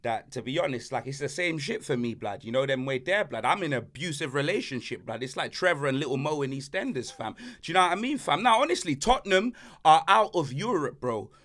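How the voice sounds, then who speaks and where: A man's voice: fairly high pitch, animated, a little fast, few pauses, a bit bright. A man hosting a casual banter podcast, ranting animatedly in heavy slang. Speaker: podcast host.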